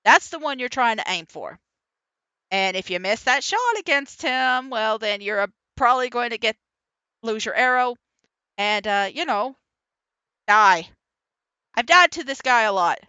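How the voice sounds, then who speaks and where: A woman streamer rambling through casual gameplay commentary in an excitable, laughing way, voiceover added after the stream. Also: on the high side, measured pace, long pauses, smooth, no echo, highs cut off. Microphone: voiceover recorded after the stream.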